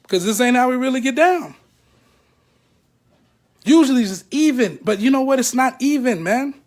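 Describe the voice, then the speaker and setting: A man's voice: extremely high pitch, normal speed. A man speaking to camera, emotional and blunt, animating the people he talks about. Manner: animated, acts out other people's words; blunt and profane. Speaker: ex-member speaking out.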